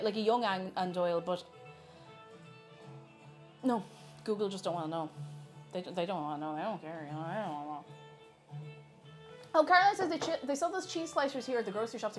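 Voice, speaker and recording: An Irish woman live-streaming from her kitchen while baking, chatting casually, reading viewers' messages aloud and laughing often. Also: medium pitch.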